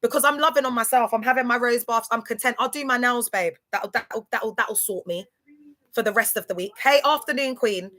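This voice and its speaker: A sassy woman chats to her livestream viewers in a slightly high, bright, forceful voice. She talks emphatically, stumbling and repeating words as she goes. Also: a little fast. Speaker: live streamer. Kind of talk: casual livestream chat.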